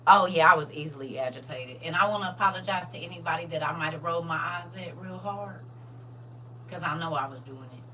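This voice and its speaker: A woman with a lowish, bright, forceful voice hosts a casual livestream. She talks straight to her viewers as "y'all", reads their comments aloud and answers them. Her delivery swings from hushed asides to loud bursts, with a faint hum behind her. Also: fairly quick. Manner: chatty, addresses viewers as "y'all". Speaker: livestream host.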